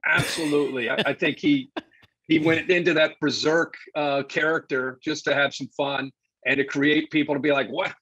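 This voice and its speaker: Husky animated male storyteller. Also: a little high, normal speed, no echo, rough recording. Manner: animated anecdote-teller, acts out quotes. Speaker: sports broadcaster guest. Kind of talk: casual storytelling interview.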